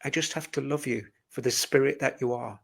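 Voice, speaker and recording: A man talking earnestly and reflectively as a guest in a casual conversation about spirituality, often pausing mid-phrase. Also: mid-range voice, vocal fry, slightly rough.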